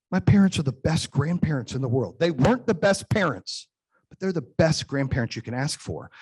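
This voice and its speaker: A man's voice: fairly high pitch, darkish tone, husky. A man in his forties, a podcast host, talking through a motivational monologue and acting out the people he quotes. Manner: emphatic storytelling, acts out quoted voices.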